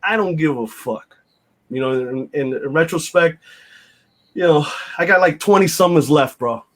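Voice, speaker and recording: A man's voice: fairly high pitch, normal speed, fairly bright tone. Blunt, profane man in his fifties. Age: 50s. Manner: blunt, profane, rambling with frequent fillers. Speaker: podcast host. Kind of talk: casual chat.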